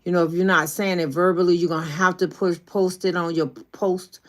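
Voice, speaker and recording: Give me a middle-aged woman with a lowish voice, preaching folksy encouragement on a livestream. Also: fairly even intonation, brisk. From New Orleans. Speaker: YouTube coach. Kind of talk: casual livestream talk.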